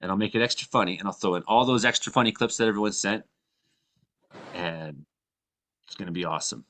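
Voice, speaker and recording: A man's voice: sits low, a little fast, fairly bright tone. A man from Canada hosting a casual live show, rambling and laughing often. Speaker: podcast host.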